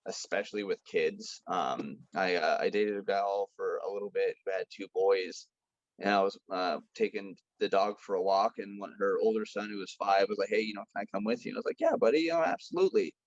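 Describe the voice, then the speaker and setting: A man's voice: sits low, a little fast, dry recording, dull audio. A young man telling stories on a podcast in a casual, profane way, acting out the lines of the people in them. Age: young adult. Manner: animated, profane, acts out quoted dialogue. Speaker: podcast guest. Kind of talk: casual storytelling chat.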